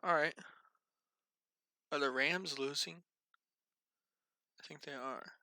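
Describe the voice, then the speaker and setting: A man's voice: a little high, takes it slowly, pushed and bright, no echo. A tired, yawning man giving a casual, rambling weather briefing and muttering to himself as he thinks aloud. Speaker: amateur weather vlogger.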